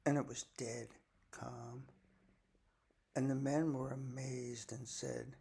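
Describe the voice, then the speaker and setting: Gravelly older grandfather reading scripture. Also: mid-range voice, flat delivery, takes it slowly, long pauses, warm tone. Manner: folksy, chatty asides. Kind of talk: bible reading with casual commentary.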